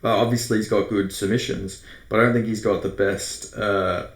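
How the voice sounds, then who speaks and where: A man's voice: on the low side, steady tone, normal speed. An Australian man giving casual, rambling fight predictions, swearing often and correcting himself as he goes. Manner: rambling, profane, self-correcting. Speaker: MMA predictions host. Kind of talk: casual fight breakdown monologue. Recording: roomy echo.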